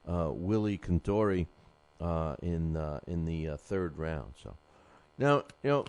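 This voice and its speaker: A man's voice: fairly low pitch, sing-song, slow pace, a little mellow, no echo. A man hosting a boxing show, rambling through results with many fillers, his throat sore from a cough drop. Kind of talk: casual live show chat.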